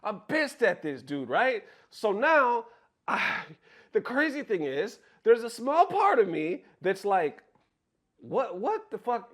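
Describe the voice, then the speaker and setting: A man's voice: sits high, slow. A man, a content creator, telling a story to camera from his bedroom in a casual, profane and exasperated way. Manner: animated, profane, exasperated retelling.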